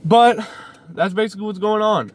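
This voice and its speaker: Sitting in his parked car, a young YouTuber addresses viewers in a somewhat high voice, speaking at a moderate pace. He meanders casually, repeating himself and leaning on fillers. A dash-mounted camera captures the audio, which carries a little hiss or hum.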